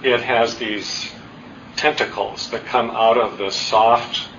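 A middle-aged man giving a dharma talk at a meditation center, telling stories in a self-deprecating, unhurried way. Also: medium pitch, fairly even intonation. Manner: warm, self-deprecating storytelling with pauses. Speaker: guest dharma teacher. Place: meditation hall. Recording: distant, dull room recording with faint noise.

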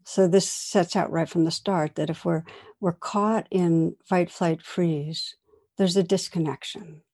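A woman meditation teacher giving a dharma talk, telling a story in a gentle, reflective way. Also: lowish voice, steady tone, unhurried. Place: meditation hall.

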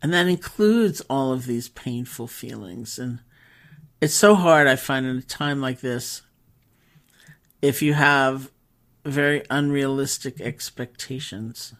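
Woman giving a conversational meditation talk. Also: rumbling low. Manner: conversational, with pauses and fillers. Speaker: meditation teacher. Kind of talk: storytelling talk.

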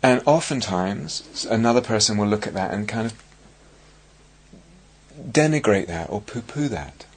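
On a retreat, a male meditation teacher delivers a dharma talk in a fairly low, expressive voice. His speech is slow and searching, full of pauses and fresh starts.

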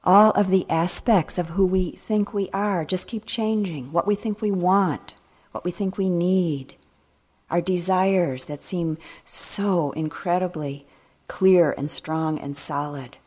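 An older woman giving a dharma talk as a meditation teacher, speaking slowly and reflectively, with trailing phrases that sometimes sink to a near whisper. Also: on the low side, darkish tone, husky.

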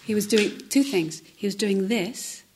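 A woman meditation teacher giving a gentle, reflective dharma talk at a retreat, often dropping to a soft near-whisper. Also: medium pitch, a little slow, a little hiss or hum. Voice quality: breathy, often drops to a whisper. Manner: gentle, reflective, with hesitant restarts. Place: retreat center meditation hall.

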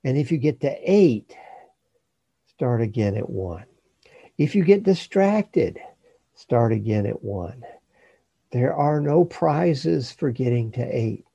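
Slow, gravelly, dark-voiced male meditation teacher. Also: mid-range voice, dry recording, dull audio. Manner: slow, calm, unhurried with long pauses. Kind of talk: guided meditation instruction.

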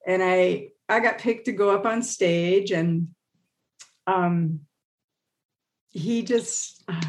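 A woman guest on a podcast interview, telling a story in a casual, animated way, acting out quotes with laughs and fillers. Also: mid-range voice, slight background noise. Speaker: interview guest, meditation teacher.

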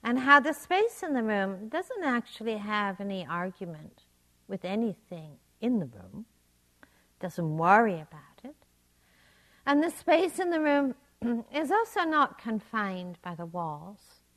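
Woman meditation teacher, dharma talk, gentle and reflective, unhurried. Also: mid-range voice, big pitch swings.

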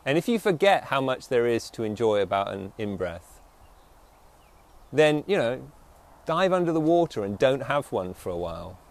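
A man giving a reflective dharma talk as a meditation teacher, slowing to stress key phrases and often checking in with the listeners. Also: medium pitch, big pitch swings, creaky.

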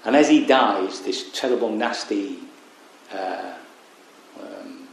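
A man giving a Buddhist dharma talk at a retreat, reflective and unhurried with wry asides. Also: on the low side, vocal fry, a little hiss or hum. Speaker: Buddhist meditation teacher. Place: retreat meditation hall. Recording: very echoey room.

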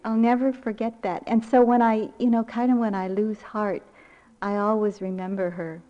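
An older woman giving a dharma talk as a meditation teacher, with reflective, unhurried storytelling. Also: mid-range voice, flat delivery, warm tone. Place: retreat center meditation hall. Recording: muffled lecture recording.

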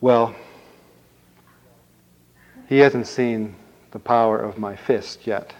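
A man's voice: mid-range voice, fairly even intonation, slow pace, highs cut off. A man playing a boastful young prince. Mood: determined. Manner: bold, defiant declarations.

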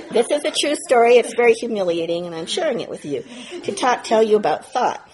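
A woman meditation teacher telling a story in a dharma talk, animated and self-mocking, often laughing as she talks. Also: a little high, fairly quick, a crowd in the background, rough recording. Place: retreat center meditation hall.

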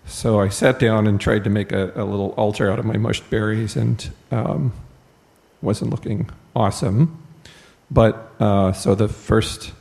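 Gravelly-voiced man sharing a story. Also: lowish voice, fairly even intonation, measured pace, darkish tone. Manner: rambling, self-deprecating storytelling with fillers. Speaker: retreat participant. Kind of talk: personal sharing in a group.

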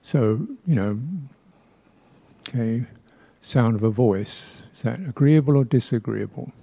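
A man with a mellow, warm voice teaches as a Buddhist teacher in a temple hall. He speaks in a reflective, unhurried way, pausing often and laughing softly. He now and then imitates speech sounds playfully. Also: medium pitch, vocal fry. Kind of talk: dharma talk.

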